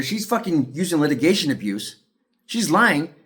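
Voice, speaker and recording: A frustrated man from ranting to camera in a heated, profane monologue, swinging between shouting and tired muttering. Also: on the high side, big pitch swings, normal speed. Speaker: parent speaking out about a custody case. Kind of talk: angry ranting video monologue.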